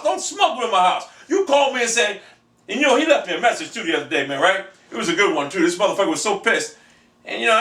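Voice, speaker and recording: A man ranting in a video blog, profane and rambling, who breaks into shouts, recorded in a back room of his house. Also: very high voice, distant mic. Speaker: video game vlogger. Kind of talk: profane game-console rant. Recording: echoey room, voice off-mic.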